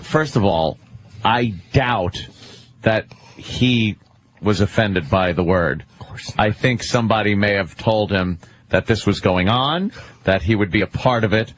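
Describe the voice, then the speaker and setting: A man's voice: lowish voice, measured pace, rough recording. A man bantering crudely on a radio talk show, making wry cutting remarks. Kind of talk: casual radio chat.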